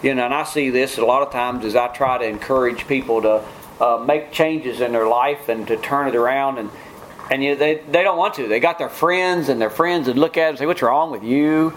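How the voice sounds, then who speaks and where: A man's voice: mid-range voice, brisk, a bit bright, a little hiss or hum, rough recording. A man preaching a sermon in an earnest way, often restarting phrases and mimicking scoffers. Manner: earnest, repetitive restarts, mock-quotes scoffers.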